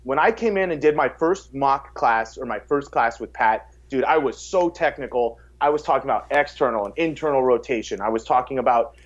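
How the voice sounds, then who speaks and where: Male guest for a podcast chat, mid-pitched and energetic, restarts his phrases a lot, slightly muffled recording. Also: fairly quick, hardly any pauses. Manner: energetic, repeats words when starting sentences; acts out quotes in a raised voice. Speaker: fitness coach, podcast guest. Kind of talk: casual podcast conversation. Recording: slightly dull podcast audio.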